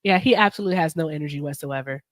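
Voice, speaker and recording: A woman hosting a casual livestream, playful and expressive, laughing often as she chats. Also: sits low, racing, dry recording, studio quality. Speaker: streamer host.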